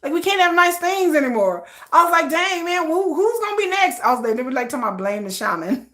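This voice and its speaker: A woman's voice: very high-pitched, big pitch swings, fast, fairly bright tone. A woman vlogger chatting casually to her viewers in a playful, joking way, laughing often. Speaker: K-pop news vlogger. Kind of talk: casual chat to camera.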